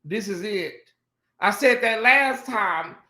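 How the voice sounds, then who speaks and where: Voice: mid-range voice, lively intonation, takes it slowly, bright, forceful tone, reverberant. A livestream host doing sassy, dramatic chat commentary and talking straight to the viewers.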